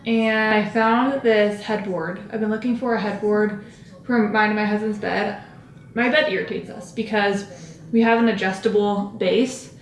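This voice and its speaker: Talking to the camera as she does her makeup at home, this young woman rambles, interrupts herself, and leans heavily on fillers in a chatty vlog. She speaks unhurriedly in a steady, medium-pitched voice, with an echo from the room.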